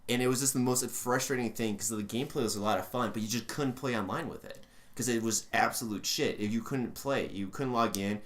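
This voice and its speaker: A man's voice: medium pitch, fairly quick. A young man co-hosting a casual gaming podcast, ranting with lots of swearing and filler words. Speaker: podcast co-host.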